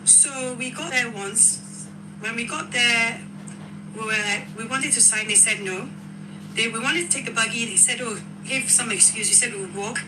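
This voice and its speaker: A woman with a Nigerian accent, telling her own account as a widow, animated and quoting others in dialogue. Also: on the high side, normal speed, background noise. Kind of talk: emotional personal account.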